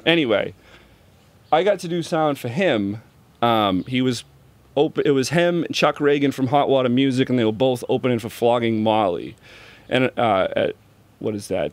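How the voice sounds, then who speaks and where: A man in his thirties talks as a guest on a casual podcast. He rambles in a laid-back way, swears freely and pokes fun at himself. His voice sits at an ordinary middle pitch. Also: no echo. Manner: laid-back, profane, self-deprecating, rambling. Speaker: podcast guest, touring roadie and musician. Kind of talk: casual interview chat.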